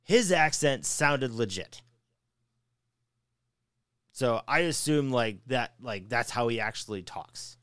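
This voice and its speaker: A man's voice: mid-range voice, takes it slowly, long pauses, clean tone, dry recording, clean studio sound. A man co-hosting a podcast, ranting with lots of swearing in casual chat. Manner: profane, ranting, animated. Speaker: podcast co-host.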